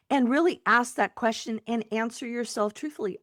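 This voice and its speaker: A woman psychotherapist and coach speaking as a podcast guest, giving gentle advice and acting out kind, soothing self-talk. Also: on the high side, moderate pace, no room sound, clean studio sound. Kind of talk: warm conversational advice.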